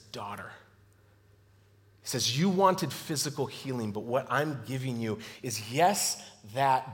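A man preaching a sermon, telling a story and voicing the quoted lines in a quieter tone. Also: fairly high pitch. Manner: storytelling, acts out scripture quotes with softer voice. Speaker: pastor. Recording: long hall reverb.

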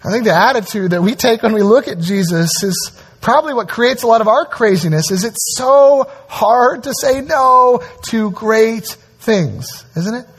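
A man preaching a sermon as pastor, animated and conversational, with frequent asides to the congregation. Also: sits high, moderate pace, breathy edge.

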